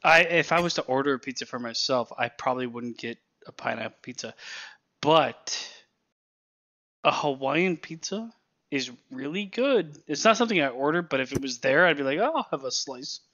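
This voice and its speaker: Male co-host, bright forceful tone, giggly one-liner teller, muffled lo-fi audio. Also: medium pitch, lively intonation. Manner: giggly, swearing, rapid-fire joke teller. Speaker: podcast co-host. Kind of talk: casual chat. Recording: dull lo-fi sound.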